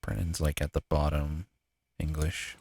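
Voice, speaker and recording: A man's voice: rumbling low, flat delivery, a little slow, vocal fry, a little mellow, slightly rough. A man streaming a game live, thinking aloud with casual swearing and frequent laughs. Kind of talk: live gameplay commentary.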